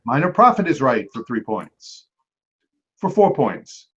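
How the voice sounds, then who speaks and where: A man hosting a trivia match, reading each clue and then repeating it slowly, with quick joking asides to the teams. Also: medium pitch, big pitch swings, a bit bright, breathy edge. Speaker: trivia quizmaster. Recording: dull lo-fi recording.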